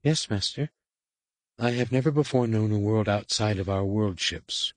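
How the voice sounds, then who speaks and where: A man's voice: lowish voice, moderate pace, no echo, lightly acted. A man voicing a young female adept who answers her superior in a deferential, cautious way, lifting his voice somewhat for her.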